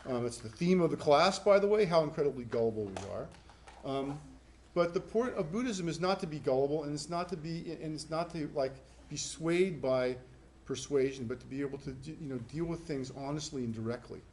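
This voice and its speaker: A middle-aged man lecturing a college class in a conversational way, repeating himself and acting out quick voices. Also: fairly high pitch, darkish tone. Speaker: professor. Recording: echoey classroom with faint noise.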